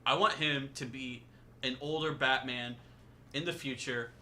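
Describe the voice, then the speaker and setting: Young man with a sharp, tense voice. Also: medium pitch, steady tone, unhurried, a little hiss or hum. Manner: dry, teasing quips. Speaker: podcast co-host. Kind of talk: casual chat.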